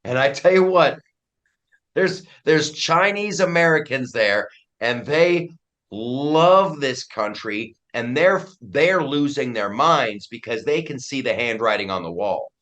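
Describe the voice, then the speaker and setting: A man's voice: mid-range voice, lively intonation, slow pace, a bit bright. Emphatic man in casual interview chat. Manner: emphatic, with frequent restarts. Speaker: guest comedian and commentator.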